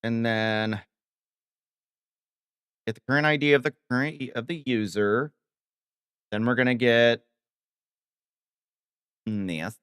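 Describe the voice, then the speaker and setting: A man from Ohio streaming live, rambling casually as he reads chat aloud and answers it with quick laughs. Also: mid-range voice, fairly bright tone, smooth, no echo, clean studio sound.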